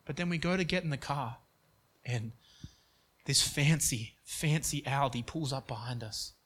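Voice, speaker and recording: A man's voice: medium pitch, a little slow, a bit bright, breathy edge. A young man preaching, telling a story in an earnest way with frequent restarts. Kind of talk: sermon story.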